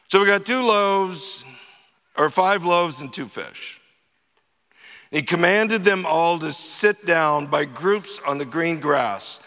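A man's voice: a little high, lively intonation, slow, bright, forceful tone. A man preaching a sermon as pastor, talking conversationally and acting out the disciples' sarcastic replies. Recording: echoey hall with long reverb.

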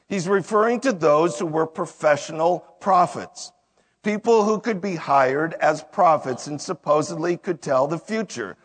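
A man giving a sermon, reading verses aloud and then explaining them in plain words. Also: fairly high pitch. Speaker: preacher. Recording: long hall reverb.

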